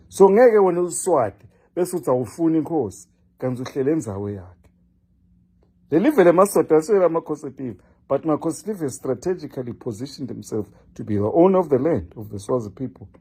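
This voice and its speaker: Older man, hectoring commentator, gravelly and dark. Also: mid-range voice. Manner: scolding, lecturing, repeats a name for emphasis. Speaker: political commentator. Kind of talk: impassioned direct-address monologue.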